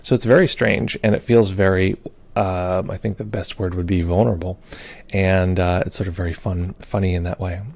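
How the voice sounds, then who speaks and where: A man's voice: deep voice, little pitch movement, moderate pace, gravelly, darkish tone. A man hosting a meditation live stream, chatting casually, greeting viewers and reading their comments aloud, with many fillers. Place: home or studio in Brooklyn.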